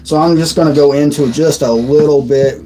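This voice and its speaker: A man's voice: fairly high pitch, fairly even intonation, moderate pace, warm tone, slight background noise, low-quality recording. Rambling man in his thirties. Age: 30s. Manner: rambling, chatty, trails off mid-sentence. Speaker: livestream host. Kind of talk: casual livestream chat. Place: at a desk on a squeaky old chair.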